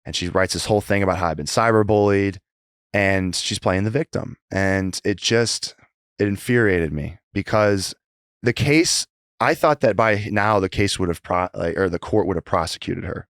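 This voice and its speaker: A man in his thirties, a guest on a podcast, tells his story in a casual interview, rambling, restarting often, and acting out conversations he remembers. His voice sits low with a fairly bright tone at a moderate pace, captured in dry, studio-quality sound.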